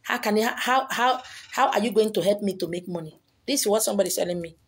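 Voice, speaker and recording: A woman's voice: medium pitch, quick pace, breathy edge. A woman with a Nigerian accent, a spiritual teacher lecturing her viewers in a monologue, emphatic and repetitive, scolding them with rhetorical questions. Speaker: spiritual teacher selling handouts.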